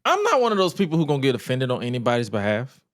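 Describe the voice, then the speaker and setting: A man co-hosting a sports podcast, telling stories with jokes and swearing and acting out what others said. His pitch is ordinary middle. The recording is dry and close with no room sound. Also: wildly swooping pitch, racing, no room sound. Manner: storytelling, quotes others with acted asides, profane and joking. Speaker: podcast co-host. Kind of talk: casual sports chat.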